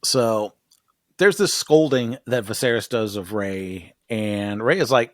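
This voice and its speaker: A man co-hosting a podcast in a casual recap chat, jokey and relaxed, who swears in passing. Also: lowish voice, slow, dry recording, studio quality. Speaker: podcast co-host.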